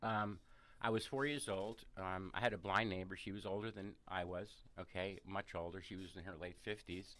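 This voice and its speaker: Radio guest, New man, lowish voice, lively storyteller. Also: moderate pace. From New York City. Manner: animated storyteller, many fillers and restarts. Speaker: massage therapist, interview guest. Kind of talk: personal storytelling in a radio interview. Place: radio studio. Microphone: studio microphone, close.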